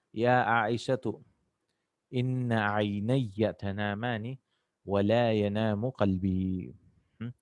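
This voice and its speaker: Low-voiced man teaching Arabic grammar. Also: no room sound, clean studio sound. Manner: explains terms slowly, checks with "right?". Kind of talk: grammar lesson.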